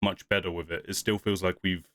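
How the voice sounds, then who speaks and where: A man's voice: low-pitched, flat delivery, a little fast, a bit bright, no room sound. A young man co-hosting a podcast, chatting casually and rambling, laughing often and acting out quotes. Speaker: podcast co-host. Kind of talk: casual review chat.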